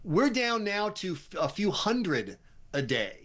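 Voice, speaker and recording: American man, guest pundit, high pitch, brisk, wry, opinionated. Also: sing-song, fairly bright tone. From United States. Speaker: guest commentator. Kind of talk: talk radio discussion.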